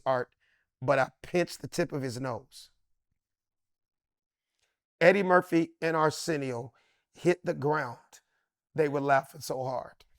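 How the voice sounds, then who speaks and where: A man in his fifties from Los Angeles spins stories as a comedian guest, slangy and emphatic, slipping into the voices of the people he quotes. His voice sits a bit high for a man. The sound is dry and close, with no room around it. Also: dry recording. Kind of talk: animated storytelling in a sit-down interview.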